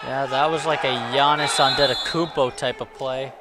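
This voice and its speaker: A man giving color commentary at a college basketball game, adding relaxed, analytical remarks between plays. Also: medium pitch, normal speed, over a noisy crowd. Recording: heavy arena noise.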